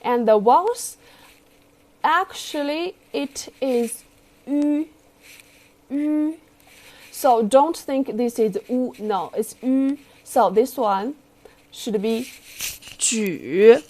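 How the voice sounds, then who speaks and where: A woman with a Chinese accent teaching a class, speaking slowly and patiently as she models tones and has students repeat after her. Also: a little high, darkish tone. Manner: slow, patient, careful tone modelling.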